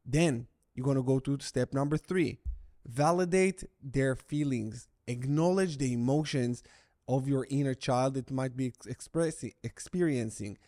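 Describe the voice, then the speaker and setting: A man's voice: medium pitch, unhurried, mellow. A middle-aged man coaching viewers through breakup recovery, blunt and emphatic, repeating his key phrases for weight. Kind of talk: direct-to-camera coaching talk.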